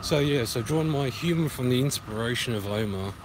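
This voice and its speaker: An Australian man vlogs on his phone while walking through a park beside a duck pond, his mid-range voice expressive and slightly quick. He rambles loosely, cracks puns, and sings along here and there. Traffic passes in the background of this noisy outdoor recording.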